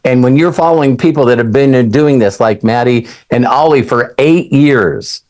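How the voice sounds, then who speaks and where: Man, 60s, mid-pitched, gushing testimonial speaker who rambles and restarts. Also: normal speed, darkish tone. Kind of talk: enthusiastic testimonial.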